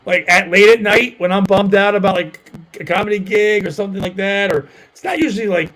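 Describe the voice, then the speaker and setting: Rambling comedian man, slightly high voice. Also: fairly quick, fairly bright tone, a little hiss or hum, poor audio. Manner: rambling, filler-heavy, self-deprecating. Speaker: comedian and podcast host. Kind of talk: casual storytelling chat.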